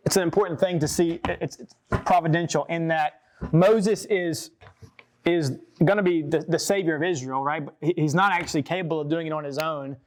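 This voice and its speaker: High-voiced man teaching a Bible study. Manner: conversational, with restarts and asides to the group. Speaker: pastor. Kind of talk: sermon-style Bible teaching.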